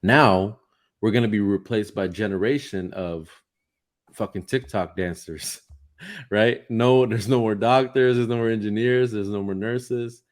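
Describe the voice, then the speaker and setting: Low-voiced swearing male podcast co-host. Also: a little slow. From United States. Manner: animated storytelling with heavy swearing. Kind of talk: casual comedic chat.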